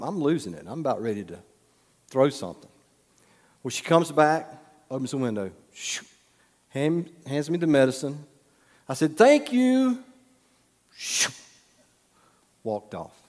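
A man's voice: mid-range voice, darkish tone. A man preaching as a pastor, telling a story in a casual sermon and teasing the congregation with questions. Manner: conversational, teasing the audience with questions. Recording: long reverb of a hall.

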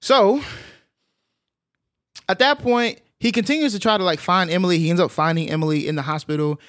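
Man, casual film recap, lively storytelling, lots of ums, slightly high voice. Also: brisk, no echo, studio quality. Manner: animated storyteller with many filler sounds. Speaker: podcast co-host recapping a film.

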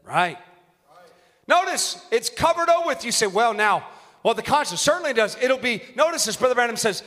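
High, bright-voiced young man preaching. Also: big pitch swings, normal speed. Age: young adult. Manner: impassioned, shouting at peaks, quotes scripture and a prophet. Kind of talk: sermon. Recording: long hall reverb.

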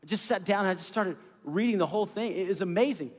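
Middle-aged male pastor, earnest storyteller, fairly high voice, long hall reverb. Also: fast talker. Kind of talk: sermon.

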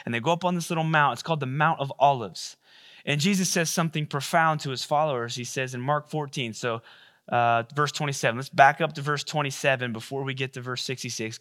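A man's voice: mid-range voice, fairly bright tone. A male pastor preaching a sermon in a casual, conversational way, with many fillers and repeated words.

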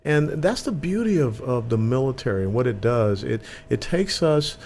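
A man's voice: mid-range voice, sing-song, normal speed, a little mellow, slight background noise. An older man from Atlanta, a military veteran, speaking earnestly and with emphasis as a guest on an interview show. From Atlanta, Georgia, US. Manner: earnest, emphatic, repeats words when starting. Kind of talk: conversational interview.

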